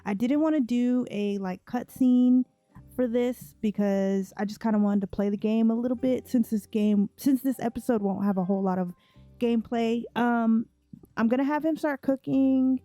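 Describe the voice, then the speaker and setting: A woman's voice: a little high, moderate pace, warm tone, dry recording, soft background music. A woman casually commenting on her gameplay in a chatty way, talking to her characters as she plays. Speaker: let's play host.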